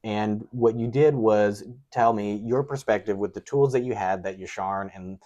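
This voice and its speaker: A low-voiced man hosting a casual interview. He reflects his guest's words back to him thoughtfully, pausing on "um"s as he builds his points in a coach-like way. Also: warm tone, highs cut off. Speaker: interview host.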